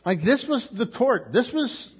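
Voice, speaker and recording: A man's voice: extremely high pitch, very animated, measured pace, slightly rough, lo-fi sound. A man preaching a sermon as pastor, telling the story vividly and acting out the characters' lines.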